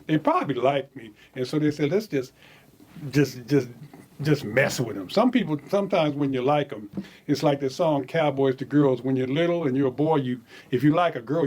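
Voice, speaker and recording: A man casually telling stories from his own life, animated, chuckling and repeating words as he goes. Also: medium pitch. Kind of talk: casual spoken memoir storytelling.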